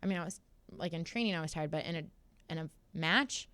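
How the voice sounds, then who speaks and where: Candid young woman, smooth low voice. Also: brisk, no echo. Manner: candid, animated storytelling, acts out quotes. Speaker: guest fighter. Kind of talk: casual interview chat. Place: studio.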